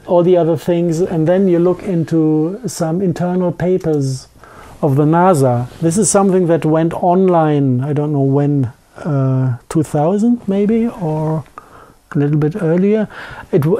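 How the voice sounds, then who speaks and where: A man with a thick German accent, a guest in a conversational interview, talking haltingly with many restarts and fillers. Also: fairly high pitch, dark tone.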